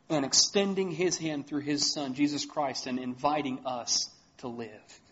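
A pastor with a northern US accent preaching a sermon in an earnest, emphatic way, reading scripture aloud. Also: male voice, fairly high pitch, measured pace, a bit bright, highs cut off.

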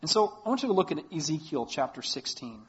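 A man's voice: on the high side, very animated, quick pace, highs cut off. Earnest preaching man, northern US accent. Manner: earnest, emphatic preaching with swelling emphasis. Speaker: pastor. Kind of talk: sermon.

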